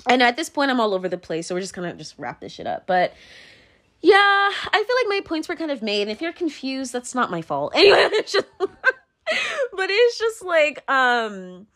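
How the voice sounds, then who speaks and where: 女性、抑揚の大きい率直な語り口. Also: female voice, a little high, huge pitch swings, brisk, fairly bright tone. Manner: blunt, rambling, swears freely, laughs often. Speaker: vlogger. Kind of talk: casual rambling monologue.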